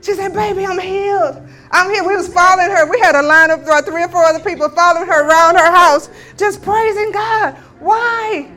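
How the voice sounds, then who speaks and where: A woman's voice: extremely high pitch, brisk, hardly any pauses, sharp tone. A woman giving a sermon testimony, telling a healing story with emphatic declarations. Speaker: guest speaker.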